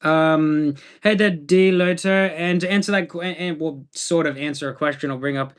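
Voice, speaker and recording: A man's voice: fairly high pitch, steady tone, normal speed, clean tone. An Australian man chatting casually on a livestream, laid-back and rambling as he answers viewer comments.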